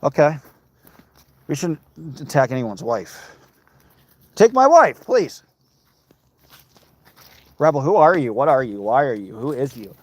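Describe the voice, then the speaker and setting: A man's voice: medium pitch, moderate pace, dry recording. A man livestreaming while walking outdoors, reading viewer comments aloud and bantering with his chat.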